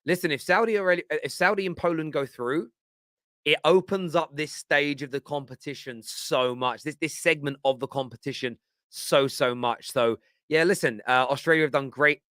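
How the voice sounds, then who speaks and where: Bright, crisp man hosting a stream. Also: on the high side, normal speed, dry recording, clean studio sound. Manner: enthusiastic, chatty, reads viewer comments aloud. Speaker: football show host. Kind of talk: live fan reaction stream.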